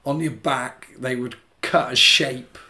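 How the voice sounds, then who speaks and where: Casting note: young English guy, podcast co-host, loose rambling chat, stops and restarts, mid-pitched everyday voice. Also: steady tone, slow pace, bright, forceful tone. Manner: rambling storyteller, swears, frequent restarts. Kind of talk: casual chat.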